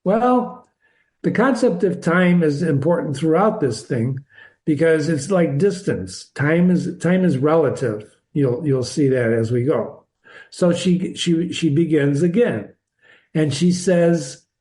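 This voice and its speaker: A man's voice: on the high side, expressive, slow pace, darkish tone. An older man reading a classic novel aloud and explaining it like a teacher, in a chatty, digressive way with chuckling asides. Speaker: reader and teacher.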